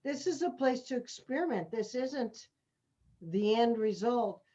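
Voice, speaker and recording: A woman's voice: a little high, lively intonation, measured pace, mellow, highs cut off. Woman acting teacher on a call. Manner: encouraging, instructive. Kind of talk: casual class feedback.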